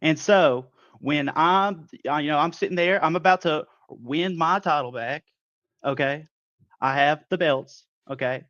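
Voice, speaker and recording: A man's voice: on the high side, measured pace, a bit bright, no room sound, dull audio. A man who is a guest wrestler giving an in-character interview, defensive, aggrieved and boastful.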